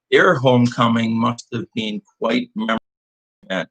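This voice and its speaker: A man's voice: mid-range voice, fairly even intonation, a bit bright, breathy edge, rough recording. A man leading a church devotional, speaking with heartfelt hesitation and reading scripture aloud while recovering from illness. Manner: slow, heartfelt, with hesitant restarts.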